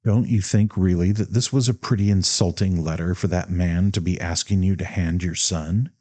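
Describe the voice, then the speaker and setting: A proud, bitter young man with a cold, clipped edge, cutting in sharply and pressing his point, as a man reads him. The voice sits low and mellow. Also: steady tone, moderate pace.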